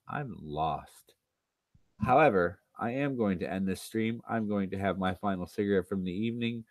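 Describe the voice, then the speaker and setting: A tired man rants through a home livestream, swearing and throwing out sarcastic asides. His voice sits on the low side. The sound is dry, with no room around it. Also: dry recording. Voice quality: profane, sarcastic. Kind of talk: casual ranting livestream talk.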